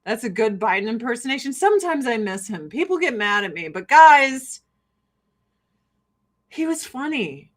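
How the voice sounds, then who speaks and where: A woman with a fairly high voice, ranting casually and swearing freely. She is sarcastic, laughs through her own points and speaks bluntly. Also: very animated, moderate pace. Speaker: podcast host.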